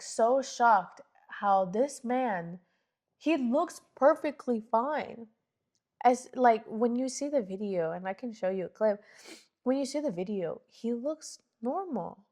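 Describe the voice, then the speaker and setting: A woman hosting a podcast, telling a story in casual chat and acting out the quotes with lots of "like"s. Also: on the high side. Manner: animated, acts out quotes, many "like"s. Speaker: podcast host.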